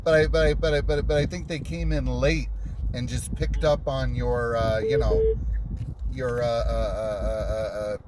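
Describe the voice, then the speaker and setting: A man's voice: mid-range voice, level tone, moderate pace. A man hosting a call-in show, chatting casually and tripping over repeated words. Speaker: talk show host. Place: car. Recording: noisy car interior. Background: vehicle noise.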